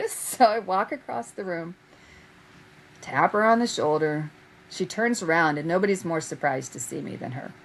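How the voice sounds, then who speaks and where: A woman guest telling anecdotes in a casual chat, animated, laughing often and acting out what people said. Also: fairly low pitch, normal speed, low-quality recording. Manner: animated storyteller who laughs often and acts out quotes. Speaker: guest, vintage fabric reseller.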